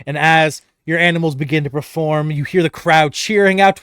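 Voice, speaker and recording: A game master narrating a tabletop game in a playful, lively way, likely recorded at home over an online voice call. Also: mid-range voice, normal speed, few pauses, clear, resonant tone, dry recording, studio quality.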